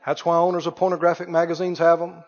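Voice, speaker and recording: A man's voice: a little high, little pitch movement, fast. A man preaching a sermon in a folksy, joking way, mocking critics with mock wails. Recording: reverberant hall, dull lo-fi sound.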